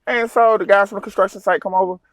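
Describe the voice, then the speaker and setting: Animated swearing man telling a story. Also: sits high, fast talker, no echo. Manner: animated, swears freely, many fillers. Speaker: truck driver. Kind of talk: casual storytelling vlog.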